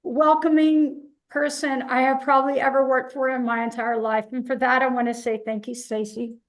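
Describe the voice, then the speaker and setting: A woman's voice: high-pitched, flat delivery, moderate pace, rough recording. A woman on a panel telling a personal story in a candid, conversational way. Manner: candid, conversational, repetitive restarts.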